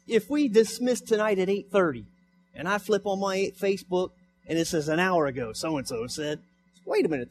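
A man's voice: high voice, lively intonation, fairly quick, faint music behind. A young man preaching a sermon in church, repeating his points with rising emphasis. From United States. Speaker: pastor. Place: church sanctuary.

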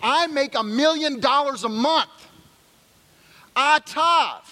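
A man voicing a relaxed, self-assured rich castaway who calmly explains himself. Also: very high voice, slow, voice pushed up, heavily acted. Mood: smug. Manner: calm, self-satisfied.

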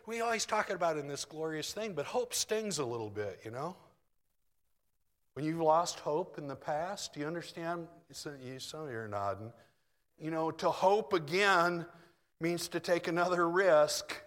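A middle-aged man preaching in an easygoing, animated way, poking fun at himself as he goes. His voice is bright and forceful, a little high for a man. It rings out with a long reverb, as in a large hall. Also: moderate pace. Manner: conversational, animated, self-deprecating. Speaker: pastor. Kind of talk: sermon.

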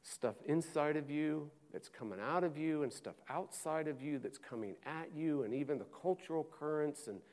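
Man preaching a dramatic sermon. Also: a little high. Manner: swings from loud urgent preaching to hushed slow reading. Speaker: pastor.

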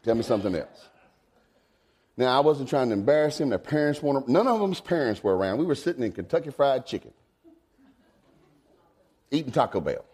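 A man, preaching a folksy sermon. He swings from low asides to high, emphatic exclamations. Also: expressive, fairly quick, pauses often, darkish tone, slightly rough. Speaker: pastor.

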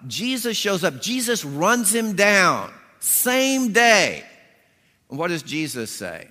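A man's voice: sits high, sing-song, slow pace, pushed and bright. A man preaching a sermon as a pastor, telling stories and acting out voices with punchy emphasis. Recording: long hall reverb.

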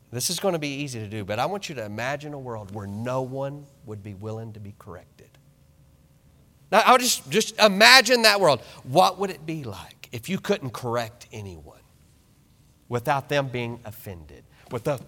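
A man in his thirties preaching a sermon in a church, animated and joking with the congregation. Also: on the high side. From small ranching town. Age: 30s. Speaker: pastor. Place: church sanctuary. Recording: long reverb of a church hall.

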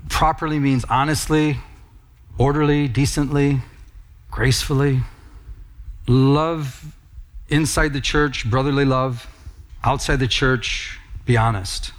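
A middle-aged man preaching a sermon as pastor, telling personal stories in an earnest, conversational way. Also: medium pitch.

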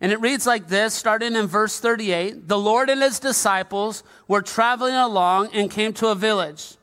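A man's voice: high-pitched, moderate pace, sharp tone, clear, resonant tone. A male pastor preaching a sermon in a conversational, humorous style, with asides to the congregation in a large church. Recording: long reverb of a large hall.

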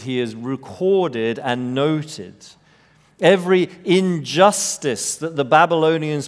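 A man preaching an expository sermon, measured and emphatic, rising to bold peaks and dropping to hushed lows. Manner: measured, emphatic delivery with dramatic rises and hushed drops. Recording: long reverb of a large hall.

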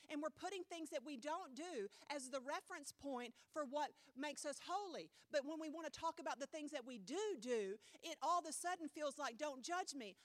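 A woman preaching a sermon, blunt and animated, mocking excuses in quick mimicry. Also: sits high, no echo.

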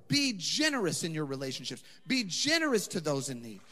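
A man's voice: a little high, wildly swooping pitch, a little fast, few pauses, bright, forceful tone. A man preaching a sermon as a pastor, conversational and impassioned, rising to emphatic peaks. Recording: long hall reverb.

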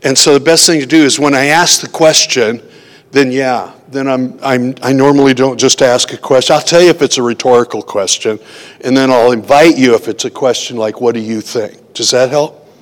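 A man's voice: medium pitch, normal speed. A pastor giving an informal, conversational teaching to a small group, often asking his listeners rhetorical questions. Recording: long hall reverb.

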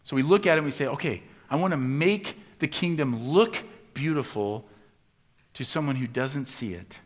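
A man preaching a sermon as pastor, acting out the voices of the people he quotes and swinging from loud to hushed. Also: medium pitch, normal speed.

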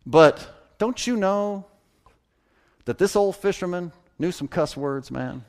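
Animated preacher man. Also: sits high, slow pace, smooth. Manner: animated, folksy, chuckles at own jokes. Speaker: pastor. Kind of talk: sermon.

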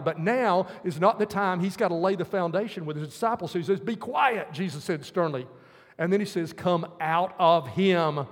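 Male preacher, high voice, earnest verse-by-verse sermon, long hall reverb. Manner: earnest, explaining scripture verse by verse.

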